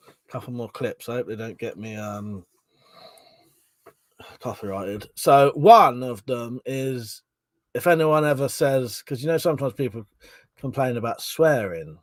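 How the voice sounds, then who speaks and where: A man's voice: medium pitch, a little slow, no echo. A man from England, hosting a casual livestream, reading out viewer comments, laughing often and swearing casually. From southern England. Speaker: livestream host.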